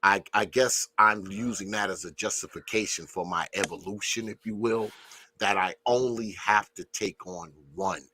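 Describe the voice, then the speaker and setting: A man's voice: lowish voice, moderate pace, sharp tone, slight background noise. A man in his fifties, a grandfather, chatting casually on a podcast, easygoing, leaning on "you know" and cursing freely. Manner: laid-back, leans on "you know", swears freely.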